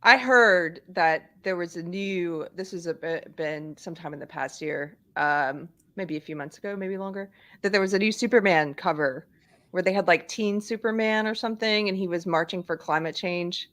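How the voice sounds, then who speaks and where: A woman's voice: fairly low pitch, normal speed, a bit bright. A woman hosting a casual chat, talking in a chatty way with laughing asides. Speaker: podcast host.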